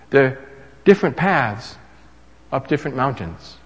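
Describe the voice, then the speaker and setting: A man preaching a sermon in an animated way, building to emphatic crescendos. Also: fairly high pitch, unhurried, pauses often, breathy edge. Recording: long reverb of a large hall.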